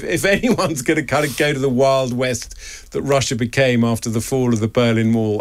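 A man hosting a radio interview in the studio, asking questions in a brisk, wry way. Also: mid-range voice, no room sound. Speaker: radio host.

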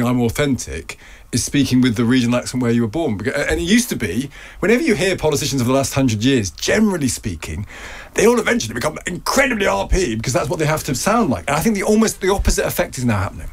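A man hosting a talk show who speaks at a brisk pace. He is conversational and reflective, steering the chat with questions. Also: medium pitch, sing-song, slightly rough. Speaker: host. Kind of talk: casual discussion.

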